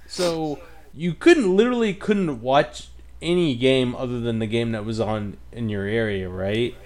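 A man's voice: mid-range voice, measured pace, darkish tone, slight background noise. A man co-hosting a casual podcast, rambling and joking. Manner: rambling, jokey. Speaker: podcast co-host. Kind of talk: casual chat.

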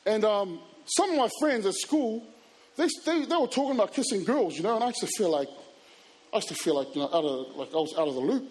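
A man telling personal stories to a live audience, animated and acting out scenes and voices. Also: sits high, a little fast. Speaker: youth speaker. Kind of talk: storytelling talk to an audience.

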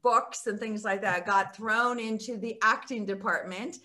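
A woman's voice: mid-range voice, steady tone, measured pace, pushed and bright. An older woman, a guest actress, telling stories of her career in a casual interview over a video call, chatty and often laughing. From Texas.

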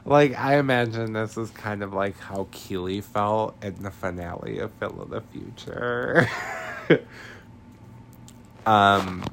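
Slow, gravelly-voiced man chatting. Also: lowish voice, a bit bright, slight background noise. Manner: chatty and slangy, many fillers. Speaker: podcast host recapping a film. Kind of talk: casual chat.

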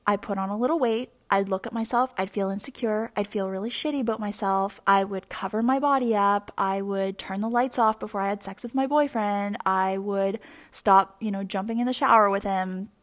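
A young adult woman hosting a podcast, talking candidly and at length about herself in a rambling, confessional way, with plenty of fillers and restarts. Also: mid-range voice. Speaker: podcast host. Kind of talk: personal confessional monologue.

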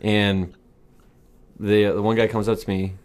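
A man's voice: on the low side, little pitch movement, normal speed, darkish tone. A young man co-hosting a podcast, telling rambling stories and laughing at his own jokes. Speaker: podcast co-host. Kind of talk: casual chat.

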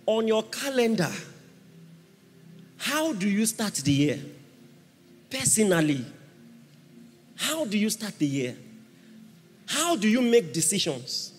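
A man preaching a sermon, emphatic, swinging from hushed asides to shouted exhortation. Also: high voice, sing-song, takes it slowly, long pauses, slight background noise. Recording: long reverb of a large hall.

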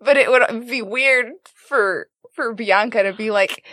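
Higher-pitched woman player, swearing freely. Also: a little slow, no echo, studio quality. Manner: animated, swears casually. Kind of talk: casual tabletop role-play.

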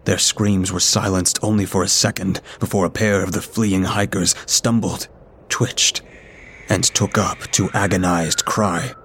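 Low, flat-voiced male horror narrator. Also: measured pace, slight background noise. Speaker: story narrator. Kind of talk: scripted horror story narration.

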